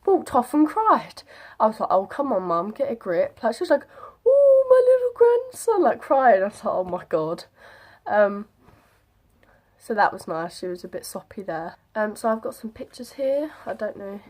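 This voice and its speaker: A woman's voice: medium pitch, normal speed. A young woman, chatting casually to camera as she retells an experience. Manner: chatty, animated retelling with quoted voices. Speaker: vlogger. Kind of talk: casual storytelling vlog.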